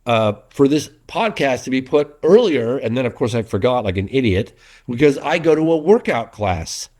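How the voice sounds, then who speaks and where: A middle-aged man who makes documentaries talks at normal speed and medium pitch in a casual interview, animatedly telling stories. He restarts frequently and acts out the things people said.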